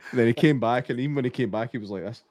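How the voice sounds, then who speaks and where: A man hosts a podcast in a jokey, easygoing way and laughs often. His medium-pitched voice sounds dry and close, with no room around it. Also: very fast, a little mellow, no room sound. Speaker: podcast host. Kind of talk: casual podcast chat.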